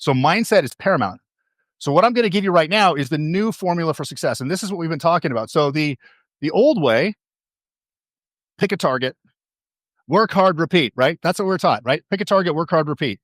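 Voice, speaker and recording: A man's voice: a little high, expressive, a little fast, no room sound. Man giving a dry-voiced motivational talk. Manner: repeats key phrases for emphasis; storytelling to an audience, asks questions. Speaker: motivational speaker and coach.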